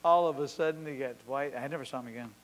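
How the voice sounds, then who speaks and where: A man's voice: medium pitch, quick pace, big-room sound, low-quality recording. A man preaching a sermon as pastor, driving his points home with short, emphatic, repeated declarations.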